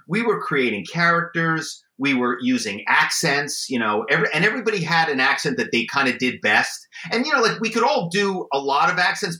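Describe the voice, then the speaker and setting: Bright-voiced middle-aged man telling stories. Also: on the high side, reverberant, low-quality recording. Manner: animated anecdotes with frequent restarts and imitated voices. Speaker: guest, former corporate spy and author. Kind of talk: conversational storytelling interview.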